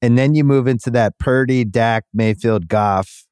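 A man hosting a casual sports betting chat, listing names in quick runs. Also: mid-range voice, a little mellow, smooth, no echo, studio quality. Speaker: sports betting podcast host.

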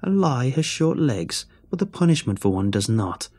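A man voicing a cruel old hag woman who creaks and rasps, mock-gentle and cackling. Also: medium pitch, big pitch swings, moderate pace, faint music behind, heavily acted. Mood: cursing. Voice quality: creaking, rasping.

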